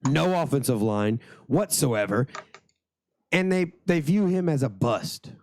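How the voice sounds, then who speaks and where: A hoarse man co-hosting a podcast, chatting about sports in a rambling, crude, jokey way. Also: medium pitch, animated, unhurried, a little mellow, a little hiss or hum. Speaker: podcast co-host. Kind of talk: casual sports chat.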